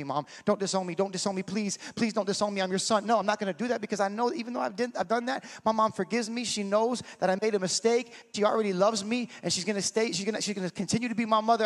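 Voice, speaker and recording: High-voiced preacher in an echoing hall. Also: male voice. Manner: passionate, shouting in bursts, talks to the crowd. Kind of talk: sermon. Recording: long hall reverb.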